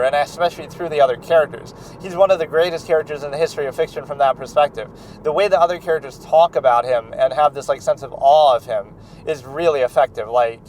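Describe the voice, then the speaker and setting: A man's voice: on the high side, a little mellow, a little hiss or hum, rough recording. A man giving casual film commentary in a rambling way, with many "like"s and restarts. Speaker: film critic.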